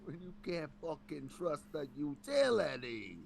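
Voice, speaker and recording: A man's voice: fairly high pitch, sing-song, a little slow, vocal fry, noisy background, voice pushed up, full character voice. A man imitating an indignant New York man who rants profanely about utilities, with a thick New York accent.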